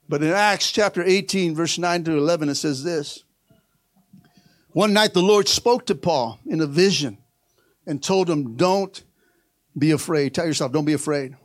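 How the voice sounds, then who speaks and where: A middle-aged man preaching a sermon as pastor, swinging between quiet asides and loud rallying shouts, joking with the congregation. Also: a little high, moderate pace, dry recording.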